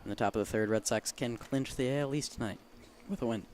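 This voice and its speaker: A young man giving casual play-by-play commentary on a high school soccer game outdoors, his calls rising with the action. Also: quick pace, darkish tone, a little hiss or hum. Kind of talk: amateur sports commentary.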